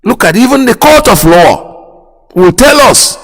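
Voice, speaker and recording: An indignant Nigerian man hosts his radio show and delivers impassioned political commentary. He repeats phrases and fires off sharp rhetorical questions in a fairly high voice. A long reverb trails behind every word. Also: very animated, unhurried. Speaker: radio host.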